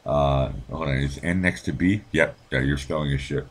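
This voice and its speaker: A man's voice: a bass voice, animated, slow, pauses often, a little hiss or hum. A middle-aged man hosting a livestream, reading out viewer comments and rambling in a casual, profane way with frequent laughs. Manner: rambling, swears freely, laughs often. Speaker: livestream host reading chat.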